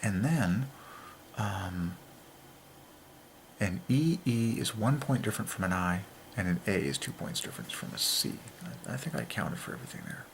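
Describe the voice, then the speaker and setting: A gravelly-voiced man talks through letter-by-letter word comparisons with mounting excitement. He often sinks into a hushed whisper for emphasis. A faint hiss of noise sits behind him. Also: fairly low pitch, moderate pace. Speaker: channel host. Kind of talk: religious letter-counting monologue.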